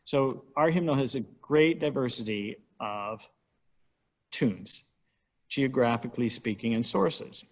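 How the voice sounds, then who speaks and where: Wry, chatty man explaining hymnals. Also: slow pace. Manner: chatty and wry, counting syllables aloud with rising pitch. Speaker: church musician giving a talk on hymnals. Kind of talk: informal church lecture.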